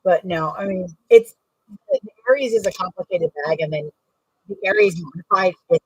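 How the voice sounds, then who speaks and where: Chatty, husky-voiced woman sewing. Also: fairly low pitch, a little slow, long pauses, dry recording, far from the mic, low-quality recording. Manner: chatty, rambling, self-correcting while working. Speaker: bag maker demonstrating sewing. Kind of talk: casual sewing tutorial chat.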